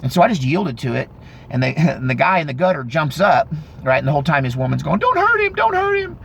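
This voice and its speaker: Fifties guy with a gravelly voice rambling through a story, fixes himself mid-sentence, faint noise behind. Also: medium pitch, fast talker. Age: 50s. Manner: rambling, animated retelling with self-corrections. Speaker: vlogger. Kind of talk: casual storytelling.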